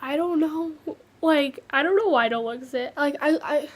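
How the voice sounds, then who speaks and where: Casting note: teenage girl with a high voice, halting personal vlog talk. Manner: hesitant, many fillers and restarts. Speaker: vlogger sharing her cancer story. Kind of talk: casual personal storytelling.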